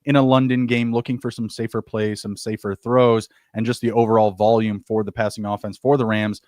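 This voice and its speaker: A man co-hosting a sports betting show, laying out player props and teasing his co-host in quick banter. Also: fairly low pitch, flat delivery, a little mellow, no room sound, clean studio sound. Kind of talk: casual sports betting chat.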